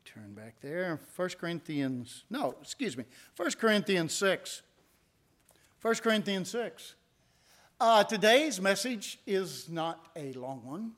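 Middle-aged man, preaching a sermon, slightly high voice, conversational, builds to emphatic peaks. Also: animated, takes it slowly, fairly bright tone. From United States. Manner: conversational, asks the congregation rhetorical questions; rises to emphatic peaks on key points. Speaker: pastor.

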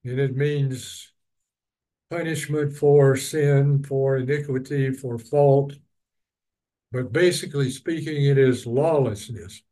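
A man's voice: mid-range voice, fairly even intonation, takes it slowly, dark tone, poor audio. A man teaching a Bible study, reading verses and then explaining them at length with personal asides. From East Texas.

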